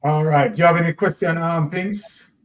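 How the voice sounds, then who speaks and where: A man moderating an online group audio chat, prompting others in a slow, hesitant way. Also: fairly high pitch. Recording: echoey, roomy sound.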